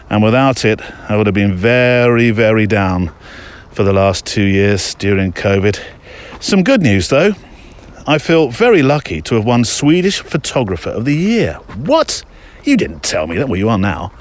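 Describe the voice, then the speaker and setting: A British man hosting a podcast, reading listener mail aloud in a casual, chatty way with joking asides. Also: mid-range voice. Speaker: podcast host.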